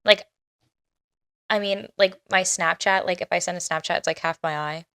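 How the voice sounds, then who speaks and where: A young adult woman co-hosting a podcast, recalling school days in expressive casual chat and laughing often. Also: lowish voice, moderate pace, smooth, no room sound, studio quality. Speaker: podcast co-host.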